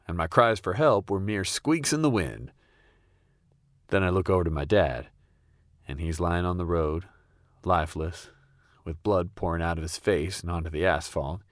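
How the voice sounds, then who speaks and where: Brief: young male storyteller, very low voice, deadpan, dry close mic. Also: dry recording. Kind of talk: comedic first-person storytelling.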